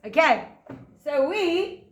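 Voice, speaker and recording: A woman, a teacher telling a fairy tale to young children and guiding a craft, in a gentle sing-song voice that stretches words out. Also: high-pitched, very animated, slow, echoey room, a little hiss or hum. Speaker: preschool teacher. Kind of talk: storytelling and craft lesson for children.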